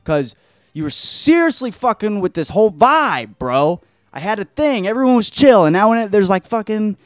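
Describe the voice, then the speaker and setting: A man's voice: mid-range voice, huge pitch swings, moderate pace, fairly bright tone, no echo, clean studio sound. A man voicing a laid-back, smug male ruler who talks in easygoing slang. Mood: breezy.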